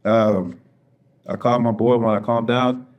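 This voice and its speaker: A man's voice: medium pitch, steady tone, measured pace, lo-fi sound. A man from Texas, a podcast guest, candidly telling an emotional personal story and acting out the voices of people he quotes.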